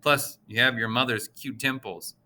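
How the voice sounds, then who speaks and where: A man's voice: mid-range voice, steady tone, moderate pace, pushed and bright. A man voicing a small, chatty older male pharmacist with a nasal voice and a friendly, gossipy way of talking in an audiobook. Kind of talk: audiobook character voice.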